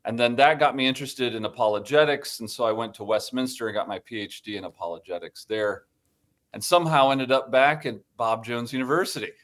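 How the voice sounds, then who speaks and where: A man from Ohio, a podcast guest, relaxed and matter-of-fact with dry self-deprecating humor. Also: medium pitch, a little fast. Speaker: guest, worldview center director. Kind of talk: podcast interview.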